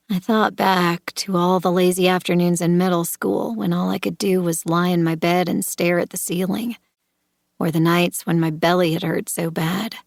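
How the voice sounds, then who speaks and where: A woman narrating a first-person thriller audiobook, measured and tense, turning confrontational in the dialogue. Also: fairly low pitch, vocal fry, no room sound, studio quality.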